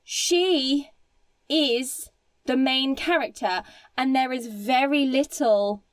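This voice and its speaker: Woman, film podcast co-host, high-ish, dry close sound, emphatic, curses freely. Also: slow, no room sound. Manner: emphatic, swears freely, mimics film characters. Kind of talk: casual film podcast chat.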